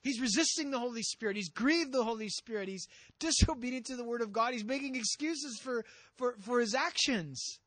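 A male pastor preaching a sermon, telling a story with animation and acting out the characters' lines, dropping low for emphasis. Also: a little fast, a bit bright, no echo.

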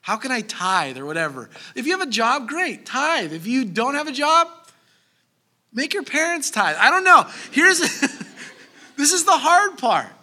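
A man in his thirties preaching a sermon as pastor, animated, breaking into acted asides. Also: extremely high pitch, a little slow.

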